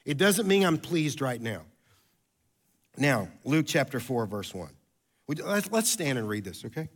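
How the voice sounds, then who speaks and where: A man preaching a sermon as pastor, telling stories in an animated, conversational way. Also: mid-range voice, a little slow, slightly rough.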